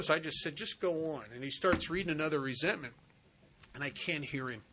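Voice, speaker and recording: A man's voice: fairly high pitch, a little fast, pushed and bright. A man speaking at a spiritual retreat, telling a recovery story in an earnest way and acting out the dialogue. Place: retreat center hall.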